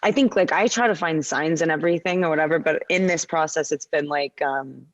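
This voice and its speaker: A woman actor talking casually about her work, rambling quickly with lots of fillers and restarts. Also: low-pitched, no echo, muffled recording. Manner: fast rambling speech with many fillers and restarts. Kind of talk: casual conversation.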